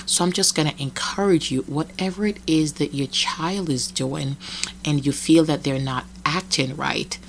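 A woman's voice: low voice, steady tone, normal speed, gravelly, slight background noise. A middle-aged woman from Jamaica hosting a reflective solo podcast, talking earnestly with many "you know" and "right?" asides. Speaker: podcast host.

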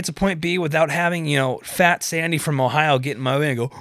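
A man's voice: a little high, steady tone, fairly quick, hardly any pauses, fairly bright tone, no room sound. A young man hosting a podcast, delivering a rambling, profane rant that keeps getting sidetracked. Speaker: podcast host. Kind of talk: casual ranting monologue.

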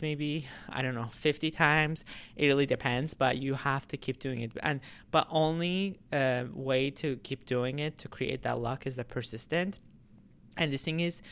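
A man vlogging straight to his audience, his voice smooth and clear at a middling pitch. He rambles in a relaxed way, circling back with fillers and restarted phrases as he thinks aloud. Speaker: YouTuber. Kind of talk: casual vlog talk to camera.

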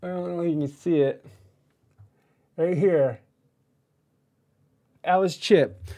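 A man's voice: a little high, slow pace, mellow. A young man in casual chat, telling a story with lots of swearing, restarts and self-deprecating humor.

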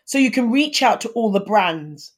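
Animated and fairly high-voiced at a normal speed, this fifty-something interview guest offers earnest advice in conversation, frequently starting her thoughts over.

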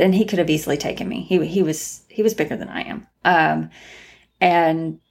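Low gravelly-voiced woman telling a story. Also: steady tone, normal speed. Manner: rambling, many restarts and fillers. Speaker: guest, tarot reader and former crime analyst. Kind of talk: casual storytelling interview.

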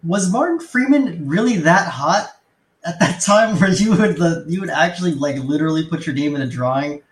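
A male podcast guest riffing in an animated, incredulous way, swearing freely. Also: on the high side, moderate pace, roomy sound, low-quality recording. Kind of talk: casual podcast chat.

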